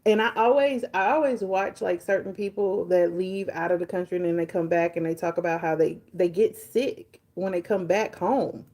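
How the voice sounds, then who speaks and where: A woman's voice: lowish voice, moderate pace, few pauses. Chatty woman in her forties. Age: 40s. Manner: chatty and animated, talks baby talk to her dog. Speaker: beauty and hair vlogger. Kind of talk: casual chat.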